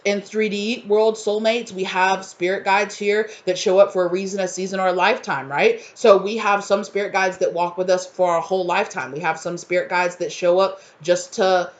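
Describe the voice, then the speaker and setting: A woman's voice: medium pitch, little pitch movement, normal speed, few pauses, highs cut off. A woman giving a collective tarot reading in an effusive, rambling way, full of fillers and restarts and spiritual talk. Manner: emotional, spiritual. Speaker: tarot reader.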